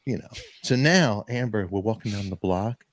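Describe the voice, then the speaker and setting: A podcast host tells a story in a very lively, swooping voice. He breaks into the voices of the people he quotes. The sound is dry and close. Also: on the low side, normal speed, no room sound. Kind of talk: casual storytelling chat.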